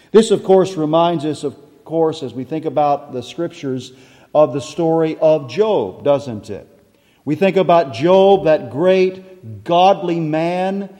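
A man's voice: fairly high pitch, mellow. A male pastor preaching a sermon to his congregation, reading scripture and explaining Greek word meanings. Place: church sanctuary. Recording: long hall reverb.

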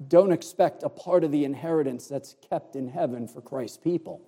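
A man preaches verse by verse, stressing each word with deliberate emphasis. His voice is dark and mellow, though pitched a touch high. The sound carries a long reverb, as in a church hall. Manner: explains Greek words, emphatic and deliberate. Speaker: pastor. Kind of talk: expository sermon.

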